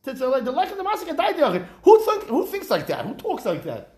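Animated man teaching Talmud, high voice. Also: a little fast. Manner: animated, rhetorical, acts out examples. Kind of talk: Talmud study class. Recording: echoey room.

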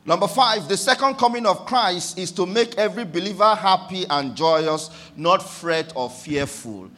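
A man preaching a sermon, swinging between quiet reflection and fervent shouts. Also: high-pitched, moderate pace.

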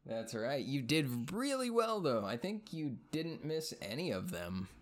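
Man, mid-range voice, relaxed podcast host running a quiz with a friend. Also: mid-range voice, a little slow, over a noisy crowd. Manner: playful quizmaster, laughs often. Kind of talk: casual gaming chat.

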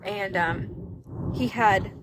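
A young woman co-hosting a podcast in casual chat, talking fast with lots of likes and swearing, with hiccups. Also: medium pitch, noisy background. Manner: chatty, swears freely, many likes and restarts. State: has the hiccups. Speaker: podcast co-host.

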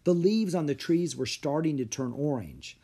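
Expressive man reading a children's story. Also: fairly high pitch, moderate pace, husky. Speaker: audiobook narrator.

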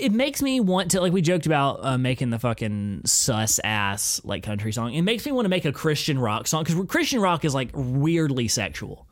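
A podcast host in casual chat, rambling, swearing freely and laughing often. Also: medium pitch.

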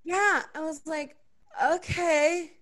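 A young adult woman hosting a podcast, telling a story in a casual chat and acting out other people's lines with big jumps in pitch. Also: animated, moderate pace, bright, forceful tone.

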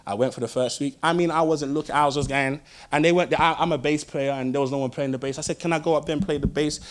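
A young man preaching a sermon, telling stories in an animated way and swinging between loud bursts and hushed lines. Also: on the high side, fast talker. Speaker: pastor.

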